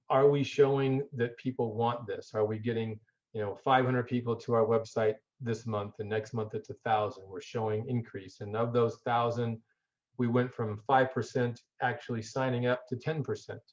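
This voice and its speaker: A man's voice: mid-range voice, steady tone, normal speed. A man giving a conversational lecture, informal, often restarting words and asking rhetorical questions. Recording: dull lo-fi audio.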